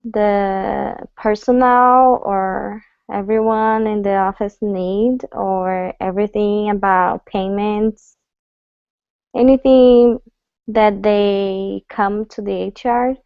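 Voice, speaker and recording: A woman from Brazil, an HR assistant describing her job in an online class, measured and a little hesitant. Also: mid-range voice, steady tone, vocal fry, clear, resonant tone, no echo. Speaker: HR assistant, student. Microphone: video call. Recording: muffled lo-fi call audio.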